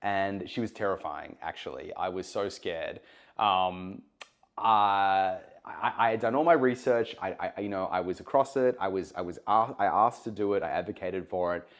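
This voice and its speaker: Low-voiced man telling eager anecdotes. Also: moderate pace. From Australia. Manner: animated, eager, self-interrupting anecdotes. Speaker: journalist and broadcaster guest. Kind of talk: conversational storytelling.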